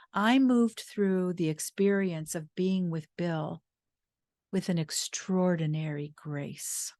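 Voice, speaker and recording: Soft-spoken woman, earnest storyteller. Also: on the low side, no echo, clean studio sound. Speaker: guest speaker. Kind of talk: personal storytelling talk. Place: retreat venue.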